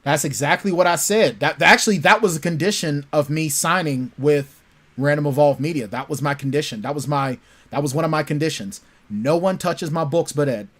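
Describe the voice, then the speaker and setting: Male author guest on a video call, lively teller, slightly high pitch. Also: brisk. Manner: animated storyteller, repeats words. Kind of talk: casual interview chat. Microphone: remote call microphone.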